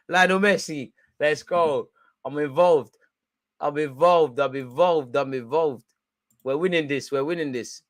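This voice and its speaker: A young man, loudly and gleefully ranting with street slang during a live football watch-along. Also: a little high, unhurried, dry recording, studio quality.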